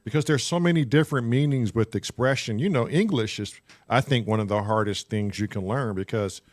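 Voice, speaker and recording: A man of middling pitch chats easily on a live stream, mostly nodding along with short agreeing replies. His voice sounds dry and close to the mic. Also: a little fast, dry recording. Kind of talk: casual chat.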